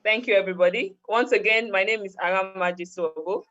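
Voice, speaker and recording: A woman's voice: medium pitch, a little fast, fairly bright tone. A woman host with a mid-range voice closes the show, thanking her guest and naming the sponsors. Her delivery is polite and formal, and the recording is dull and lo-fi. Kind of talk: formal sign-off. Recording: dull lo-fi sound.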